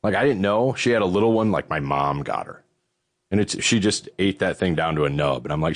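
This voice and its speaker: A middle-aged man from Western New York hosting a podcast, telling stories in a casual, profane way while out of breath. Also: a little fast. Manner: profane, animated storytelling with swooping pitch. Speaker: podcast host. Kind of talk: casual chat.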